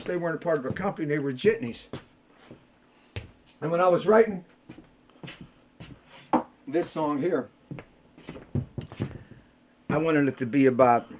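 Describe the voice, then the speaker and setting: An older man, a rock musician bantering with the audience between songs and telling stories in a salty, rough-edged way. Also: on the high side, a little mellow. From Pittsburgh. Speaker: rock musician performing a solo show.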